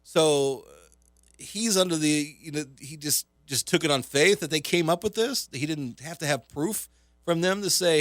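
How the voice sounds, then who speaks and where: A man's voice: on the high side, moderate pace, no room sound. A man hosting talk radio as a comedian, delivering a casual, rambling monologue full of fillers, sarcasm and self-mockery from a studio microphone.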